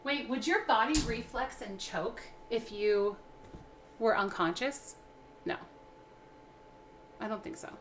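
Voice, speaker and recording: In this cooking livestream, a young woman chats casually, rambling through plenty of fillers and restarts. Her voice sits a little high, and she speaks slowly with frequent pauses; a slight hiss or hum and faint background music are audible.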